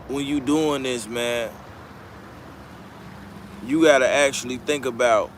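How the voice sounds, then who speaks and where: A man's voice: mid-range voice, sharp tone, slight background noise. A man hosting a casual live-stream commentary, talking bluntly with heavy profanity and frequent restarts. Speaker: commentary channel host.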